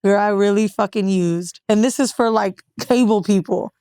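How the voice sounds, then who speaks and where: A woman co-hosting a podcast, telling a long story in casual, profane chat with lively voiced quotes. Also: medium pitch, moderate pace, clear, resonant tone, no room sound, studio quality. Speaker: podcast co-host.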